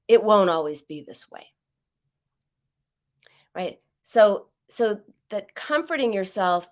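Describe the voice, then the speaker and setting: A middle-aged woman hosting an advice radio show, talking emphatically and repeating words for stress. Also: medium pitch. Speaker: radio show host, psychologist.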